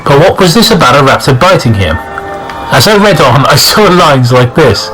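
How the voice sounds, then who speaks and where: A man's voice: a little high, big pitch swings, normal speed, fairly bright tone, soft background music, poor audio. A young man hosting, reading a creepy internet story aloud with dry, joking asides. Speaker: host reading stories.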